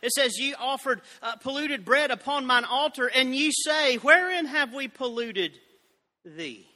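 High, bright-voiced preacher. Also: male voice, animated, a little slow, big-room sound. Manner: folksy, humorous preaching with scripture reading. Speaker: pastor. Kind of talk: sermon.

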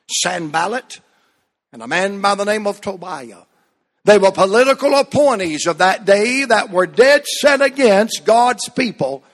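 A man preaching a fiery revival sermon, swinging from soft drawn-out phrases to shouted peaks. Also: high-pitched. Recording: long reverb in a large hall.

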